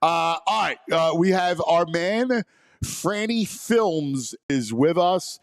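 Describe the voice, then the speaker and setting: An excitable man hosts a sports talk show. His pitch rises and falls freely as he gushes with praise, and the studio sound is dry and close. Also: slow, vocal fry, smooth, no room sound. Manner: enthusiastic, effusive praise.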